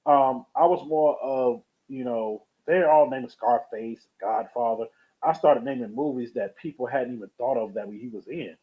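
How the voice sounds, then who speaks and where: A man's voice: medium pitch, moderate pace. A man live-streaming, telling a rambling story in a casual, chatty way and greeting viewers from the chat. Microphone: webcam or USB streaming setup. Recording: tinny phone-like sound.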